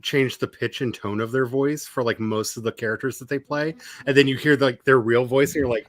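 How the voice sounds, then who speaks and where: A man hosting a casual chat, rambling enthusiastically and trailing off into quieter asides. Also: medium pitch, fairly even intonation, brisk, no room sound. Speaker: host.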